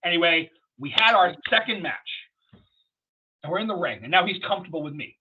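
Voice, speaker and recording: Brief: rapid, husky male storyteller, crude and rambling, on dull lo-fi audio. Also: sits high, noisy background. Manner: profane, rambling, animated storyteller. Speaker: wrestler guest. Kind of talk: casual storytelling interview.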